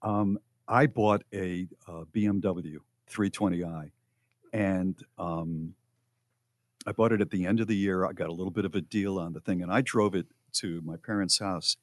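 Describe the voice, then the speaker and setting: A man hosting a radio show, chatting casually on a podcast as a relaxed, rambling storyteller. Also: low voice, normal speed, no room sound.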